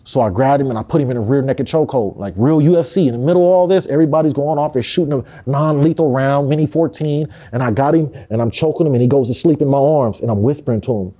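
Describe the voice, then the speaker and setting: A man's voice: mid-range voice, fast talker, dark tone. A man from Compton speaking in a candid interview, emphatic and full of street slang and profanity. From Compton, California.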